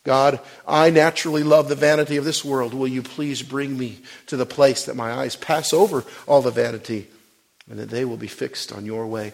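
A male pastor delivers a sermon in a gravelly voice of middling pitch. He tells stories quietly, then climbs into loud, fervent preaching, often breaking off and restarting a phrase mid-thought. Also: fairly even intonation, a little fast. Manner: swings from quiet storytelling to loud, preaching fervor.

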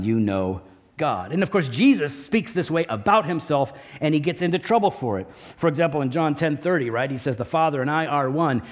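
Emphatic male preacher, slightly high voice. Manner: emphatic, repeats key phrases, drops low and slow for stress. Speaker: pastor. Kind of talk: sermon.

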